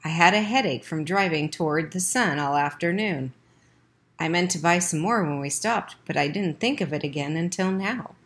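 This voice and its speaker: A frustrated father explains his failed search in an exasperated, helpless tone, as a woman reads him aloud from a storybook. The voice stays low, close to the reader's own. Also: moderate pace, a bit bright, natural voice.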